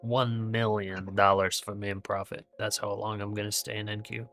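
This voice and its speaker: Bright-toned, flat-voiced man hosting a trading stream. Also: on the low side, normal speed, soft background music. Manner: chatty, thinks aloud with fillers and restarts. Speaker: day trading livestream host. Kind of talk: casual live trading commentary.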